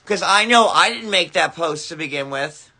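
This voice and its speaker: A man's voice: fairly high pitch, lively intonation, moderate pace, pushed and bright. An angry man ranting on a phone livestream, swearing heavily and stammering through restarts. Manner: furious, profane, stammering restarts.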